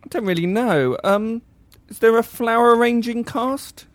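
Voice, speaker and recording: A man's voice: extremely high pitch, normal speed, no room sound. A man playing a timid one-armed reptile-person job seeker in a comedy sketch, with a meek, sheepish and hesitant manner.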